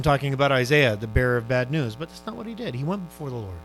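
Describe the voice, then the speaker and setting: A male preacher delivering a sermon, exhorting his listeners fervently and swinging between loud urgent appeals and hushed, quiet questions. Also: mid-range voice, animated, very fast, faint music behind, low-quality recording.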